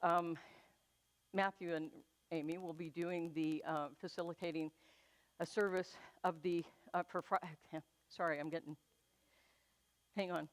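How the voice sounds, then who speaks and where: A woman minister giving chatty, self-deprecating church announcements, then leading a slow, soothing guided meditation in a church sanctuary. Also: fairly low pitch, fairly even intonation.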